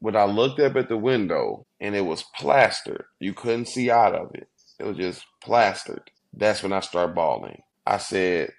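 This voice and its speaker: A man in his thirties, a guest in an interview, telling his own story in an earnest, heartfelt way, rushing some phrases and slowing hard on others. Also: fairly low pitch, lively intonation, gravelly. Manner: earnest, heartfelt, quick bursts with slow emphatic pauses.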